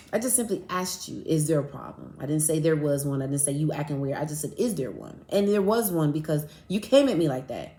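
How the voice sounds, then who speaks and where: A woman's voice: low voice, a little fast. Blunt woman telling a story in an echoey room. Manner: blunt, profane, animated storytelling. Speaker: podcast host. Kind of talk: casual storytelling.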